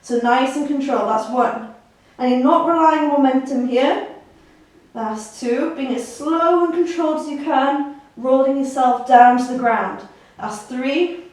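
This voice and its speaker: Woman personal trainer, fairly high voice, counts reps, encouraging; echoey room, mic some way off. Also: measured pace, darkish tone, distant mic. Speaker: fitness instructor. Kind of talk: guided workout instruction.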